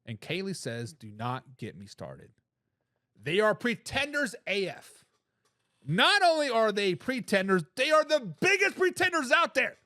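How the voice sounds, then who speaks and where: A man hosting a live sports talk show, giving loud opinions on football and reading out viewer comments. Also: high-pitched, measured pace, no room sound, studio quality. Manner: animated, opinionated, reads chat comments aloud.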